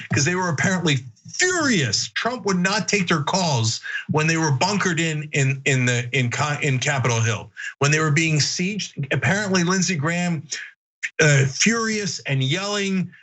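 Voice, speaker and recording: A man's voice: fairly high pitch, moderate pace, low-quality recording. A man hosting a political commentary show, talking emphatically with sudden mocking outbursts. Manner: emphatic, animated, shouts mockingly at times.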